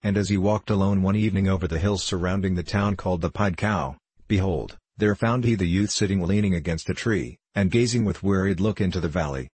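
A man reads an old-fashioned text aloud in a slow, even audiobook style. His voice is deep with a husky edge. The sound is close and dry, with no room echo. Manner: measured, even, unhurried delivery. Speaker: narrator. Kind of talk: audiobook reading of an archaic text.

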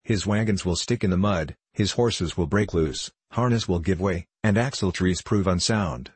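A man reading a classic travel memoir aloud as an audiobook narrator, in a measured, even storytelling manner. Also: low-pitched, breathy edge, no echo. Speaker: audiobook reader.

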